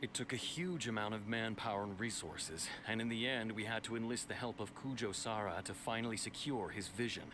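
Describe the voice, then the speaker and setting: A man's voice: lowish voice, fairly even intonation, brisk, hardly any pauses, noisy background, natural voice. An actor playing a stern male city guard officer in a video game, giving a formal, briefing-like account.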